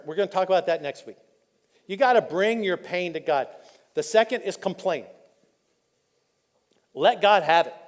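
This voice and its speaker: A man pastor, preaching a candid, personal sermon that drops soft and choked up when he is moved. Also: high-pitched. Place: church auditorium. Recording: live in a reverberant church hall.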